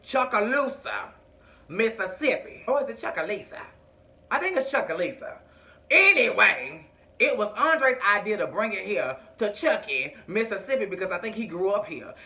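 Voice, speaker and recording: A man with a high voice recaps a TV episode for his vlog. He talks in a sassy, chatty way and keeps drifting into playful asides. His tone is bright and sharp. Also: very animated, normal speed. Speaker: TV recap vlogger.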